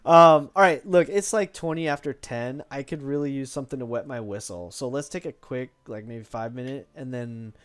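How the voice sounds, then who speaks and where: A man narrating a tabletop game as game master, at an average pitch. He rambles loosely, with plenty of fillers and restarts along the way. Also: normal speed, few pauses, fairly bright tone, clean tone.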